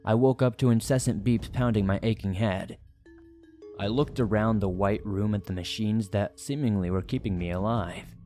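A man's voice: on the low side, steady tone, moderate pace, dark tone, faint music behind. A man narrating a first-person horror story in a dramatic, suspenseful way.

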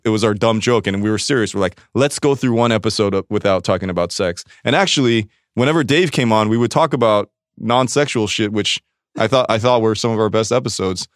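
A man's voice: on the low side, smooth, no room sound, clean studio sound. A man, a guest on a podcast, telling a candid confessional story in a rambling, profane way, often quoting himself and restarting his sentences.

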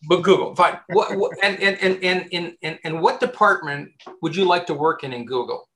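A man with a slightly raised voice explains job-hunting tactics in a loose, conversational interview. He talks with lively energy, repeating words and restarting sentences as he thinks aloud. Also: high-pitched, normal speed, a little hiss or hum. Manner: animated, chatty, many restarts and repeated words. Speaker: headhunter giving job-search advice. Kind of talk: casual advice interview.

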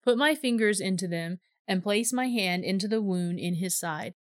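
A woman's voice: mid-range voice, moderate pace, no room sound, close to an everyday voice. A woman voicing a stubborn, doubting grown man who speaks firmly, in a dry recording.

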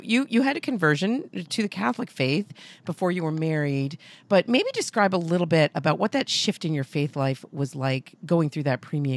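Gravelly-voiced New England podcast host. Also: female voice, deep voice, dry recording. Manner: enthusiastic, laughs often. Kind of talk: podcast interview.

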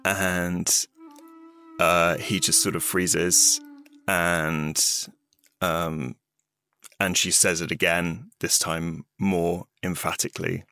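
Slow, deep-voiced man narrating a backstory. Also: little pitch movement, bright, forceful tone, dry recording. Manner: hesitant, full of fillers and restarts. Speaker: player. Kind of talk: narrating a character backstory in a tabletop game. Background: guitar music.

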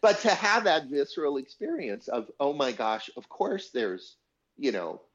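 A man's voice: a little high, a little slow, lo-fi sound. A man telling a personal story in an interview, acting out the people he quotes and laughing as he goes. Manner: animated storyteller, acts out quoted voices, laughs. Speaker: songwriter guest. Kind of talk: conversational storytelling.

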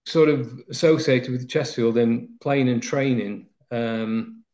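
Here a man of medium pitch talks a little slowly, his tone on the dark side. He hails from Nottinghamshire and recalls playing football in a rambling, filler-heavy, anecdotal interview captured on dull-sounding lo-fi equipment.

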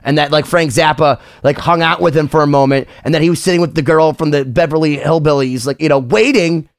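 A man hosting a podcast, talking in an animated, rambling way with casual swearing. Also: on the high side, fairly quick. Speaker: podcast host.

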